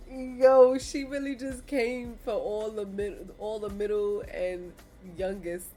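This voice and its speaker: A woman in casual chat who reacts with lots of laughter and lively remarks. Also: a little high, slow pace, faint music behind.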